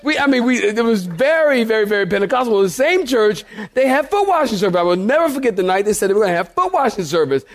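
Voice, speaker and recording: A man's voice: high voice, big pitch swings, quick pace, hardly any pauses. A man preaching a sermon, telling jokey stories and laughing often as he talks to the congregation. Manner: joking storyteller, laughs often, addresses congregation as y'all. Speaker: pastor.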